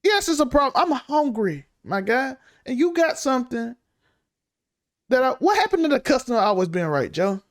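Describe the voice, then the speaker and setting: A woman's voice: high-pitched, big pitch swings, normal speed. A woman co-hosting a casual podcast, arguing her point emphatically and pressing her co-host with questions. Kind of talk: casual news commentary chat.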